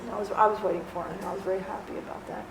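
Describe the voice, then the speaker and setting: A woman channeling a departed friend, telling her story in an earnest, halting way with many restarts. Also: medium pitch, fairly even intonation, gravelly. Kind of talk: spiritual channeling testimony. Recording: roomy echo, faint background noise.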